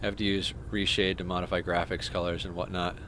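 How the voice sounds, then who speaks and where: A man's voice: deep voice, level tone, a little fast, fairly bright tone, a little hiss or hum. A young man streaming a game, chatting casually, rambling and stammering as he thanks viewers. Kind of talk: casual live-stream chat while playing.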